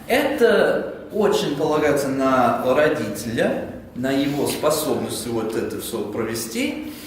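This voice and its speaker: Man, online teacher, animated delivery, very echoey room, distant mic. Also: medium pitch. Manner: animated, talks fast, demonstrates phrases. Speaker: English teacher for parents. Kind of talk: online lesson. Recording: echoey room, far from mic, faint hum.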